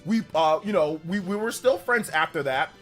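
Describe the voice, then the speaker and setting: A man in his thirties, hosting a livestream and telling a childhood story in a casual, animated way. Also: a little high, normal speed, faint music behind. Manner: animated, with exaggerated voices for quoted people. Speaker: livestream host.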